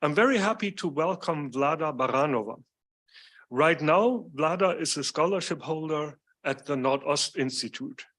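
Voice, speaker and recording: A man opens an evening lecture with a formal, measured welcome. His voice sits a little high for a man, and he reads his introduction steadily. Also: lively intonation, a bit bright. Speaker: lecture series host. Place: lecture hall.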